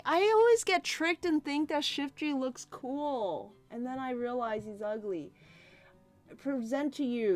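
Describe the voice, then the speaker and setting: A woman streaming a drawing session, chatting casually and giggling as she reads viewer comments aloud. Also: fairly high pitch. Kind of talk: casual livestream chat.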